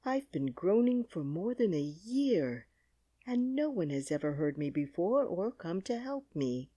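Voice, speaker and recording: A woman's voice: lowish voice, big pitch swings, measured pace, warm tone, no room sound. A woman voicing a sad, rusted-stiff male tin woodman in an audiobook, with a mournful, plain delivery. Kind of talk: audiobook character reading.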